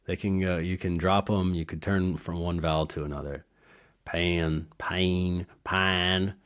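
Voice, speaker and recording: Male podcast host, very low voice, loose and playful, chuckles at his own puns. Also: fairly even intonation, brisk. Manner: rambling, playful, laughs at own wordplay. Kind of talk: casual educational monologue.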